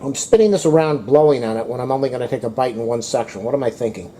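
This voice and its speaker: A man's voice: medium pitch, fast talker, dark tone, a little hiss or hum. A man chatting to his viewers in a casual home cooking vlog, talking to his dog between bites. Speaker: cooking vlogger.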